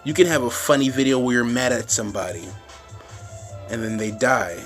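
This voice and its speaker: A man's voice: medium pitch, fairly quick, soft background music. A man ranting casually to his phone camera, rambling with frequent restarts and swearing, getting fired up at times. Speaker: vlogger.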